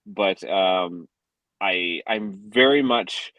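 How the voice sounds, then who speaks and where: A man on a podcast co-host panel, talking casually and excitedly, often breaking into laughter. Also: low-pitched, very slow, no room sound, poor audio. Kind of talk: casual fan discussion.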